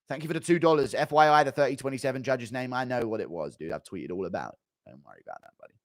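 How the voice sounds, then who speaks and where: A man's voice: medium pitch, fast talker, no room sound, clean studio sound. A man streaming, reading out donations in a blunt, profane, rambling way. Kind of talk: casual chat reading donations.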